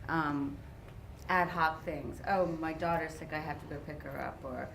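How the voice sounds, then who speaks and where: A woman's voice: deep voice, fairly even intonation, moderate pace, gravelly, a bit bright, slight background noise. A woman taking part in a workshop discussion, talking casually with fillers like "like" and "um". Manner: conversational, many fillers like "like" and "um". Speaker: workshop participant. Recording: echoey room, mic far off, faint ambience.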